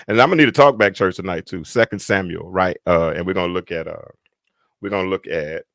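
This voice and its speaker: A man preaches a Bible lesson over a livestream. His low voice jumps into high, loud emphasis and then drops to mumbled side comments. The recording is dry and close. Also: a little fast, no echo. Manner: swings between loud preaching and quiet muttered asides. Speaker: preacher and podcast host. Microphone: computer mic on a livestream.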